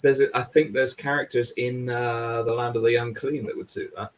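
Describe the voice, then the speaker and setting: A man's voice: mid-range voice, steady tone, normal speed, very noisy. Male host, casual chat, rambling and sweary, dull lo-fi mic. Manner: swears freely, rambling and chatty.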